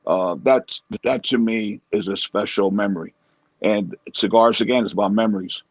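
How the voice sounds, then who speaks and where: A man's voice: lowish voice, moderate pace, no echo, low-quality recording. A man co-hosting a casual chat and reminiscing thoughtfully, often circling back to repeat his phrases. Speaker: co-host.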